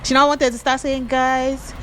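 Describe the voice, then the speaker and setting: A woman with a Nigerian accent, a hairdresser vlogger, telling an animated gossip story while she braids. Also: medium pitch, moderate pace, a little hiss or hum. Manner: animated, chatty gossip with pidgin fillers.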